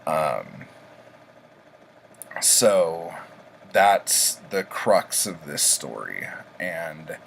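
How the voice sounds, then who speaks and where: A man's voice: rumbling low, sing-song, very slow, gravelly, long pauses, a bit bright, a little hiss or hum, poor audio. A man casually reviewing books he read this week, rambling with many ums and likes. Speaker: book reviewer, vlog host. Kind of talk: casual book review chat.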